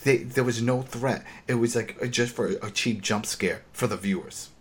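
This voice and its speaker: A man hosting a casual episode recap, ranting in an animated, exasperated way, swearing and acting out bits of the scenes. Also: mid-range voice. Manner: acts out character lines in quick impressions.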